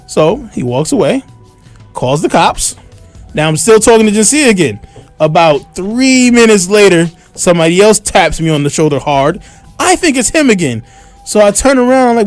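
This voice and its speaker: A man on a radio talk show tells a story in a loose, animated way, his voice sitting a little high. He talks into a studio microphone with faint music playing underneath. He acts out what people shouted at him. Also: a little fast.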